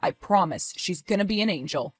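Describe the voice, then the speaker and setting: A woman putting on a careless father's voice, pitched lower than her own and relaxed to the point of dismissive. He brushes off each worry with easy reassurances. Faint music plays under this animated story. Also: brisk, breathy edge, no room sound. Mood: reassuring. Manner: breezy, dismissive, brushing off worries. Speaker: boyfriend and father.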